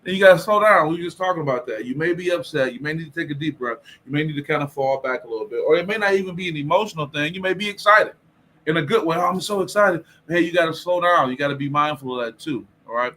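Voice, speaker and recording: A man with a bright, forceful voice that sits a little high, talking through a motivational livestream. He is animated and speaks like a preacher, and he greets viewers by reading out their comments. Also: quick pace. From Detroit, USA. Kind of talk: casual motivational talk.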